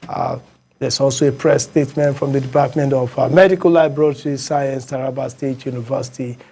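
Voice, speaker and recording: A man's voice: medium pitch, steady tone, a little fast, gravelly, a little mellow, breathy edge. A man hosting a morning show, reading headlines with many fillers and repeats. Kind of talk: reading headlines and taking calls.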